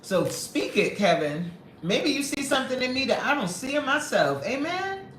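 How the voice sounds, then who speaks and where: A New York woman hosts a livestream, chatting casually as she reads comments, laughing often and greeting viewers by name. Her high voice is very animated and a bit bright, at normal speed. The echoey room leaves her off mic, with a little hiss or hum.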